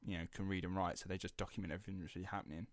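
Deep-voiced joking young bloke. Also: male voice, very fast, no echo, studio quality. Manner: animated, swearing, joking. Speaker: podcast co-host. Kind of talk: casual banter.

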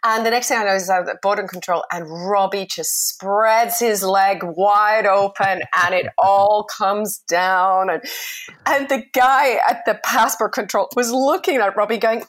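A woman's voice: medium pitch, measured pace. A woman chatting casually, telling a story with lots of laughter and acted-out voices. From Iran. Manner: animated storyteller, acts out voices, laughs often. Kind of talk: casual chat.

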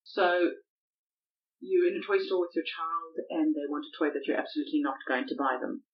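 A woman's voice: deep voice, brisk. Woman, podcast co-host, casual chat, self-deprecating, laughing, lo-fi sound.

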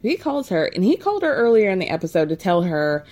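A woman hosting a casual recap of a reality show, talking to her viewers in an animated, gossipy way and laughing often. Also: medium pitch, moderate pace, few pauses.

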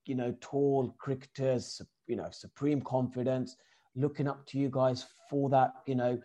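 A former cricketer in casual chat, talking haltingly with many restarts and fillers. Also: male voice, medium pitch, dark tone. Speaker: former cricketer, podcast guest.

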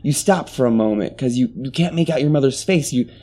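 Mellow-voiced man narrating a tabletop game. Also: mid-range voice, a little fast. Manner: rambling, full of restarts and fillers. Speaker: game master.

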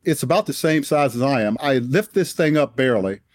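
A man in his sixties, a retired general, telling a personal story in an animated, emphatic way. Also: medium pitch, brisk, no echo, clean studio sound. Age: 60s. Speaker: guest, retired Air Force general. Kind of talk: storytelling in an interview.

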